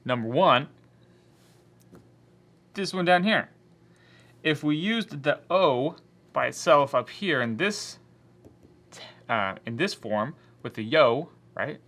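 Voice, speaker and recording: A man's voice: a little high, expressive, slow pace, long pauses, fairly bright tone. A man teaching a Spanish grammar lesson to his class, explaining patiently and voicing the objections students might raise.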